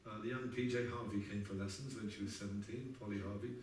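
A man's voice: lowish voice, fairly even intonation, quick pace, far from the mic, slight background noise. A man in his sixties telling wry, chatty stories on stage between songs and laughing at his own tales. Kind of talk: anecdotal storytelling between songs. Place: live music venue. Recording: echoey live venue recorded from afar, guitar in the mix.

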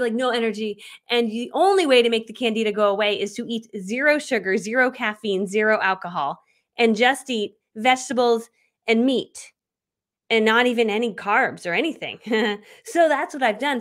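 A woman's voice: on the high side, fairly bright tone. A woman in her thirties, a business coach talking casually on a live video, bubbly and chatty with frequent laughs.

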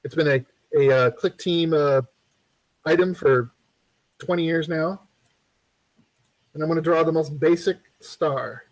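A male instructor walks his stream through building a game in a relaxed, rambling way, pitched fairly high for a man. Ums, restarts and playful remarks to chat fill his talk, and the audio is poor.

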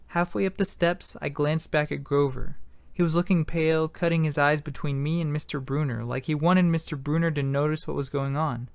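Guy reading an audiobook chapter, kinda gravelly, slightly high voice, dry sound. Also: no room sound. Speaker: audiobook narrator. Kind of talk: amateur first-person audiobook narration.

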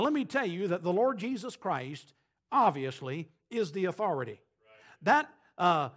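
A man preaching a sermon as pastor, emphatic, pausing for effect and quoting scripture. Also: high voice. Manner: emphatic, preaching with dramatic pauses and quoted scripture.

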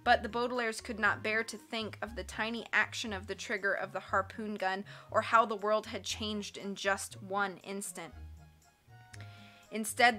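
A woman reading a book aloud as scripted narration, expressive and measured. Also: medium pitch. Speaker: audiobook reader.

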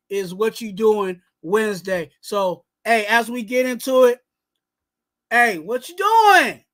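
High-voiced man ranting about football. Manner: animated, talks straight to the coach, repeats catchphrases. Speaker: host of a fan sports talk show. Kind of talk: casual live-stream sports rant.

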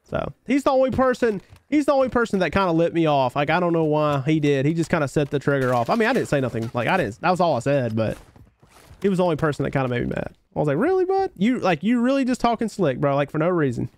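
A man's voice: on the high side, expressive, quick pace. A young man with a Southern US country twang who does laid-back, slangy live gameplay commentary, reading chat aloud and answering viewers. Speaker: game streamer.

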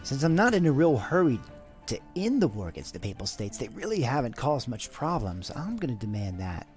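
Over soft background music, a gaming channel host speaks fairly quickly in a mid-range voice during a let's play. He commentates on the game with light roleplay, animated and excitable as he issues orders to his troops.

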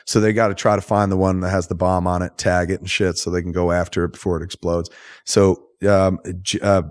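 Man, podcast host, casual movie recap, profane, animated storyteller, lowish voice. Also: a little fast.

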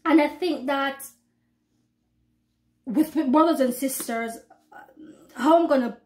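A woman preaching prophecy to her online followers, fervent and emphatic, slowing down when she reads scripture aloud. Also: sits high. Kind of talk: preaching to camera.

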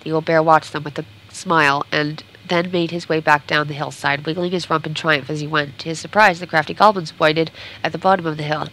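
A woman's voice: sits low, fairly even intonation, fairly quick, hardly any pauses, fairly bright tone, low-quality recording. A woman game streamer reading a storybook aloud during a playthrough, sometimes stumbling and correcting herself.

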